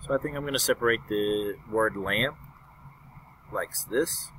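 A man's voice: fairly low pitch, normal speed, long pauses, a bit bright, a little hiss or hum. A young man teaching a recorded fourth-grade lesson, upbeat and patiently explaining step by step.

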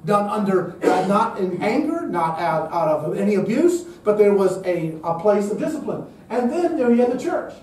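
A man's voice: sits high, very animated, normal speed, hardly any pauses, darkish tone, very echoey, recorded from a distance, a little hiss or hum, poor audio. A man giving an emphatic lecture-style talk at a public event, posing rhetorical questions to the audience.

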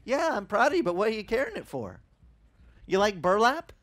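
A man's voice: high voice, sing-song, brisk, a bit bright, voice pushed up. A man voicing God as a teasing fatherly voice.

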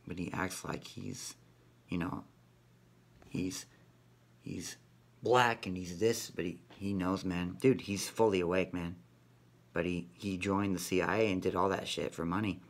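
Low voiced guy rambling on camera, says man every line, kinda sweary. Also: steady tone, unhurried, vocal fry, pauses often. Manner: rambling, repeats "man" constantly; profane, conspiratorial. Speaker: vlogger. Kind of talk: rambling monologue.

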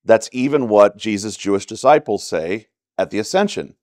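A man's voice: fairly low pitch, expressive, normal speed, darkish tone, no room sound, clean studio sound. A man with a Texan accent teaching a church Bible study in a conversational way, often checking in with "right?". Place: church classroom.

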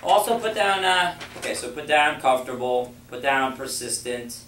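A man's voice: medium pitch, normal speed, a little hiss or hum. A man running a sales training session for a room of new reps, acting out short example dialogues as he teaches. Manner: energetic, uses acted example dialogues. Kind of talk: classroom sales training talk. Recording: echoey room, mic far off.

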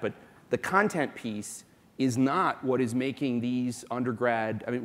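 A man from South Florida speaking as a company executive on a conference panel, emphatic and quick to make his point. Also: medium pitch. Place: conference hall. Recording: long reverb of a conference hall.

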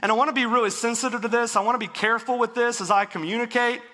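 A man preaching a sermon in a church, earnest and confessional, letting his phrases fall soft and low at the ends. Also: fairly even intonation, very fast. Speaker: pastor. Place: church worship center.

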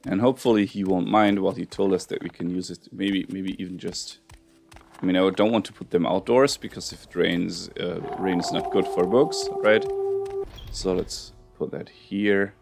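A man with a deep, gravelly voice rambles casually through his gameplay commentary and pokes fun at himself. He talks into a headset, with faint game music underneath. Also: steady tone, moderate pace, darkish tone. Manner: rambling, chatty, self-mocking. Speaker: let's play host.

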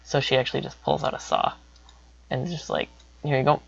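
A young man telling a casual story about himself in a rambling way, repeating words and breaking into sudden high exclamations. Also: very animated, a little fast, creaky, breathy edge. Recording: dull lo-fi recording.

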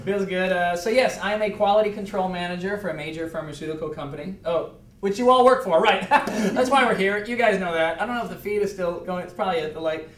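Talking fast in a high-pitched, slightly bright voice, a man introduces himself at a business meeting without preparation, rambling nervously with stammers and laughs. He is a quality control manager on a video call from a conference room, recorded distantly in an echoey space.

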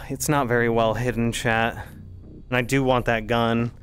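A man's voice: mid-range voice, flat delivery, measured pace, faint music behind. Man streaming, chatting with his viewers. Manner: chatty, thinking aloud while playing. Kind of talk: live gameplay commentary to chat.

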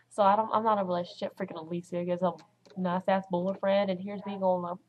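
A teenage girl chatting to camera at home in a casual vlog, talking fast and dramatizing what others said. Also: medium pitch, level tone, darkish tone, lo-fi sound, slight background noise. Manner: chatty, dramatic, acts out quotes. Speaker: vlogger.

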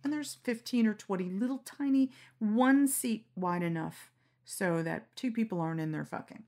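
A middle-aged woman telling candid stories in a relaxed interview, frank and quick to laugh, acting out the lines she quotes. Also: mid-range voice. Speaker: storyteller guest. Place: lying down in a quiet room.

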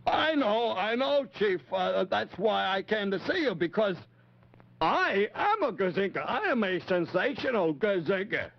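A man's voice: sing-song, measured pace, heavily acted. A man voicing a timid, nervous male puppet character on a 1950s children's TV show, stammering and fretful. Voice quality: high creaky raspy voice. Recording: dull lo-fi 1950s TV audio.

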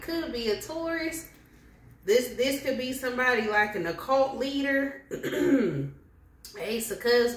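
Slow-talking, bright-voiced woman reading tarot. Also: fairly high pitch. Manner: blunt, slangy, animated, laughs often. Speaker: tarot reader. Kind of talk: casual tarot reading to viewers. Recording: echoey room with faint noise.

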